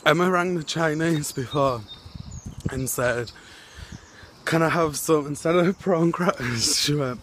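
A man's voice: on the high side, measured pace, a bit bright, a little hiss or hum. A young man vlogging on a town street into a phone, chatty and self-mocking. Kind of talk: casual vlog chat.

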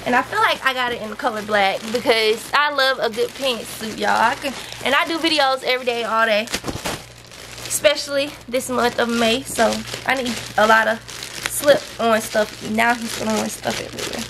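Chatting with viewers at a moderate pace, a young woman with a voice on the high side shows off a haul at home. Between items she occasionally scolds her toddler, in a noisy home recording.

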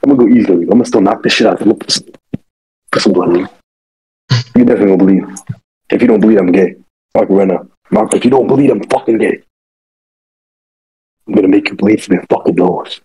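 早口でハスキーな声の攻撃的な男性. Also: male voice, fairly low pitch, quick pace, long pauses, mellow, husky, low-quality recording. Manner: aggressive, profane threats. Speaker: streamer and fighter. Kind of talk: trash-talking video call.

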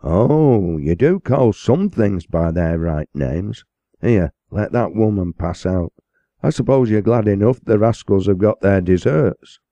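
A man voicing a gruff, rough-tongued older parson with a Lancashire accent who growls and scolds. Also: on the low side, animated, measured pace, dark tone, no room sound, muffled recording, voice pushed up. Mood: sarcastic.

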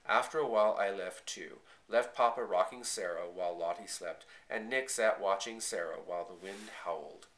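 A man reading a first-person children's story aloud, in a quiet, measured and earnest way. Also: low voice, roomy sound. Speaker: audiobook reader.

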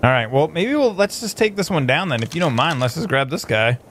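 A man with a fairly high voice hosts casual gameplay commentary. His pitch leaps around lively as he jokes and teases, with a faint hiss behind him. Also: fairly quick. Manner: goofy, playful banter, jokes around. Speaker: gaming channel host.

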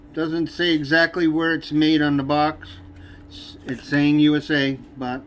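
A man in an unboxing vlog, talking slowly with lots of hesitant pauses. He sounds irritated and complaining as he goes through the items. A faint hum of background noise sits behind his voice. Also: mid-range voice. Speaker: fishing channel host.

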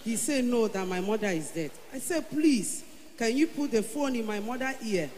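A Nigerian woman giving an emotional church testimony, growing fervent and loud as she declares her prayers. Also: fairly high pitch, animated, fairly quick. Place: large church hall. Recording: echoey church hall, faint hum.

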